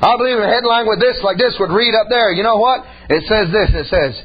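A man's voice: high voice, lively intonation, a little fast, hardly any pauses, husky. A man preaching a sermon in a folksy, emphatic way, punctuating his points with "amen" and "man". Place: church service. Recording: muffled recording with faint hum.

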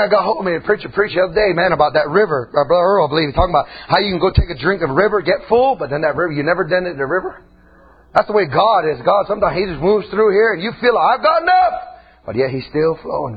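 A man preaching an impassioned sermon in a church, often breaking into shouts. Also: on the high side, vocal fry. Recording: dull lo-fi recording.

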